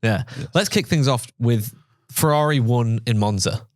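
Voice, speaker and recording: A man's voice: medium pitch, unhurried, a little mellow, no echo. Man, casual podcast chat, blunt, swears, dry close sound. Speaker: podcast co-host.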